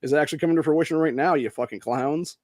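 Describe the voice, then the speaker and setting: A man's voice: a little high, quick pace, a little mellow, no echo, studio quality, pitched above the performer's own voice, close to an everyday voice. A man doing a scornful impression of a brash male athlete snapping at reporters with insults.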